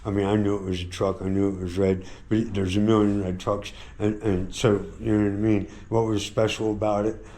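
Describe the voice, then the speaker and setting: An American man, a motorcycle travel vlogger, talking in a rambling, halting way with lots of swearing and repeated words, sore and shaken after a beating, in a hotel room. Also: lowish voice, flat delivery, dark tone. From United States. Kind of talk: casual vlog monologue.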